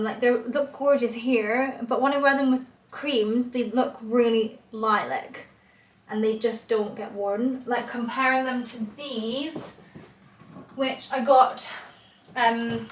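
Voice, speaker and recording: A woman's voice: a little high, echoey room, rough recording. A young woman in casual chat to camera, rambling with lots of "like", filming herself on a phone outdoors on a walk. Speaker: lifestyle vlogger.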